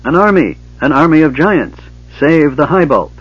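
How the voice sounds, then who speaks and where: A man voicing a cowardly male gully dwarf guard who shouts in alarm. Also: on the high side, big pitch swings, moderate pace, husky, no echo, pitched above the performer's own voice. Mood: panicked. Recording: dull lo-fi audiobook recording.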